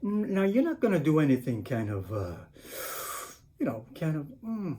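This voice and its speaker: A man's voice: fairly high pitch, very animated, moderate pace, warm tone. A man voicing a doubtful kangaroo who murmurs and hesitates, full of "mm" and "hmm". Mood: hesitant.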